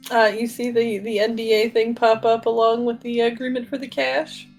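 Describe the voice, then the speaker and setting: A woman's voice: a little high, little pitch movement, normal speed, faint music behind. Woman narrating as game master. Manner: narrates scenes in second person, laughs often.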